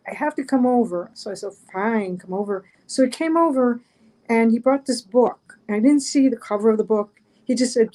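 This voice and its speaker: A woman's voice: a little high, dark tone, rough recording. A middle-aged woman, a guest on an online chat show, telling a story casually, rambling with many fillers and restarts.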